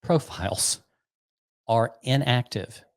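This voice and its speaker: A man's voice: medium pitch, slow, gravelly. A man co-hosting a casual podcast with his partner, playfully quizzing him with trivia questions. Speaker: podcast co-host. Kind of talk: casual chat.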